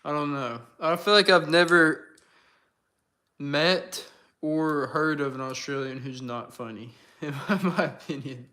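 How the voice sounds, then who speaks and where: A man's voice: on the high side, a little slow, sharp tone. A young man hosting a casual livestream, chatting with his viewers and answering their comments while he works. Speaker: livestream host.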